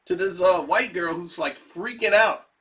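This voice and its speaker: A man casually telling a wild story, animated and laughing as he acts out the people involved. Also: high voice, moderate pace. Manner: animated, laughing often, playing the characters. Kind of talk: casual anecdote.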